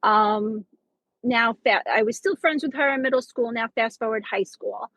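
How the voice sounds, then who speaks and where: A woman's voice: on the high side, normal speed, a bit bright, no room sound, poor audio. A teacher in her forties sharing a personal story on a podcast, talking in rambling bursts with many restarts and fillers. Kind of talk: casual chat.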